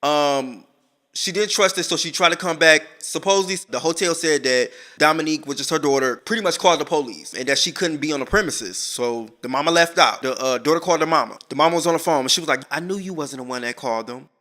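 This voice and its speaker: A man's voice: a little high, fast talker, pushed and bright. A young man in casual vlog commentary, telling the story profanely with lots of asides. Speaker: vlogger reviewing a documentary.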